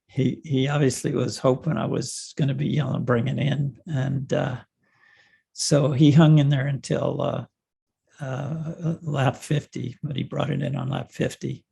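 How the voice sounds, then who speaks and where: An older man, a former cycling coach, telling stories in an interview in a measured way with many pauses and fillers. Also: mid-range voice, little pitch movement, gravelly, mellow, slightly rough. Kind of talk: reminiscing interview answers.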